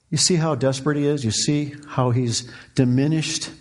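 A middle-aged man preaching a sermon as pastor, swinging from quiet, low passages to fervent, raised cries. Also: very animated, normal speed, hardly any pauses.

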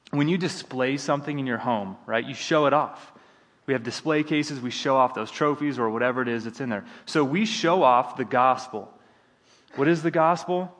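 Conversational pastor in a reverberant hall. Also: male voice, mid-range voice, a bit bright. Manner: conversational preaching with frequent restarts. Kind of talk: sermon.

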